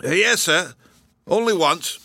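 A man's voice: sits high, expressive, slow pace, bright, forceful tone, husky, no room sound, voice pushed up, heavily acted. A man voicing a nervous, apologetic police constable who stammers and defers to his superiors. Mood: sheepish.

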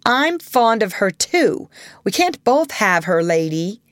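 A woman's voice: mid-range voice, sing-song, slow pace, no room sound, studio quality, voice pushed up. A woman reading aloud voices a boastful, defiant young boy in a storybook. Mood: sulky. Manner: boastful, teasing.

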